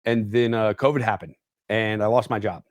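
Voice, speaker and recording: A man's voice: lowish voice, steady tone, moderate pace, dry recording. Young man, podcast guest, rambling storyteller, fillers like "dude", dry close sound. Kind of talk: casual storytelling chat. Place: podcast studio.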